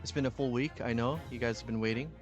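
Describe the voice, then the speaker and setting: A man's voice: mid-range voice, quick pace, soft background music. A man hosting a game stream, chatting casually and voicing the lines with animation, laughing often. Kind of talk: casual stream chat and reading game dialogue.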